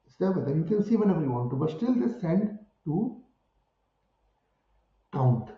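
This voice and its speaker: A man's voice: on the high side, sing-song, moderate pace, reverberant, dull audio. Emphatic Indian man with rhetorical questions. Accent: Indian English. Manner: emphatic, rhetorical questions, rising to forceful peaks. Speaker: spiritual guru interviewed about cow protection. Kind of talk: impassioned interview answers.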